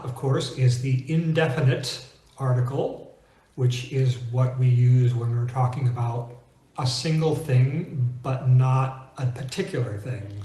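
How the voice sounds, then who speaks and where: A man's voice: mid-range voice, dark tone. Man coaching English pronunciation, roomy echo. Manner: clear, deliberate explanations with slowed-down example words. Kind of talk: scripted teaching monologue.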